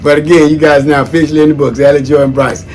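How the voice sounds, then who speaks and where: Chatty man rambling through shout-outs. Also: on the high side, level tone, fast talker, faint music behind. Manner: chatty, folksy, digressive, calls listeners "man". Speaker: vlogger giving shout-outs; former social worker. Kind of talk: casual rambling monologue.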